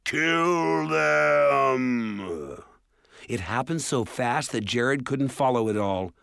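A man narrating a storybook in a measured, steady way. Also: medium pitch, dry recording, clean studio sound. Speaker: audiobook narrator. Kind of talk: scripted narration.

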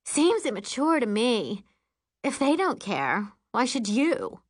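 Woman reader as a stuck-up preteen camp girl, haughty drawl, slow and lilting. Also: on the high side, big pitch swings, pitched above the performer's own voice, exaggerated voice.

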